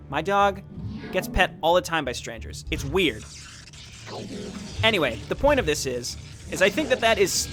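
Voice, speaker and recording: A young man casually commenting while playing a strategy game, rambling through stories and correcting himself as he goes. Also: a little high. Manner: rambling, self-deprecating storytelling with frequent restarts. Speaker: gaming YouTuber. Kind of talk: casual let's-play commentary. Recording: game music playing underneath. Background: game music.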